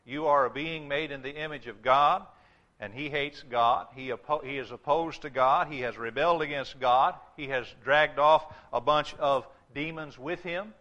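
Male pastor, higher bright voice, emphatic sermon delivery that dips low for warnings. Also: muffled recording. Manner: emphatic preaching, drops low and slow for warnings.

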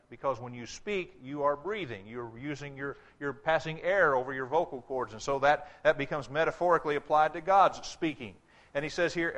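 A male preacher delivering a sermon, reading scripture aloud and slowing down hard on key words for emphasis. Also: fairly high pitch, a bit bright, lo-fi sound. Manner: emphatic, slows to stress scripture quotes.

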